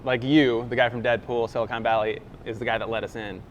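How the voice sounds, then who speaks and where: A man hosting an interview, asking quick teasing questions. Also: medium pitch, little pitch movement, lo-fi sound, slight background noise. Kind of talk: casual interview chat.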